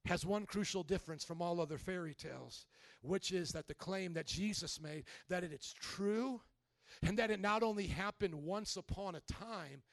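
A young man preaching a dramatic sermon who swings from hushed tones to loud outbursts and acts out biblical figures in a chatty voice. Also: sits high, creaky, no echo. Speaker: pastor.

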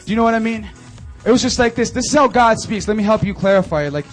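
A young man in his twenties giving an animated, chatty testimony and announcements to a youth group at a church service. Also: high-pitched, fast talker, soft background music. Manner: animated and conversational, full of fillers. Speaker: youth ministry speaker.

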